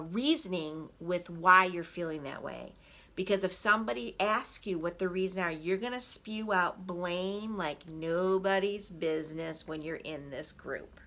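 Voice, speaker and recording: Bright-voiced, animated woman coach. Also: fairly low pitch. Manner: animated, acts out angry inner voices with gritted emphasis; direct, addresses listeners as "people". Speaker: emotional wellness coach and inspirational speaker. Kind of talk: motivational talk to viewers.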